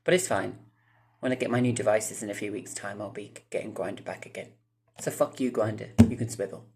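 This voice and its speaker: A man's voice: fairly low pitch, steady tone, brisk, background noise. A man, telling a rambling storytime to his viewers, swearing freely and breaking off into asides. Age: 30s. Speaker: vlogger. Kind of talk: casual storytime monologue.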